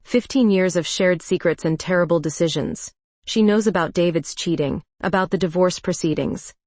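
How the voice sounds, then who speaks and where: A woman narrating a first-person story in a reflective, even way. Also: lowish voice, normal speed, no room sound.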